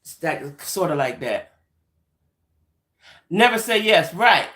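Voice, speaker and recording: An adult woman hosting a livestream, telling a story in a chatty, animated way and talking straight to her viewers. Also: on the low side, takes it slowly. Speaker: livestream host. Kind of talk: casual storytelling chat. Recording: roomy echoey room.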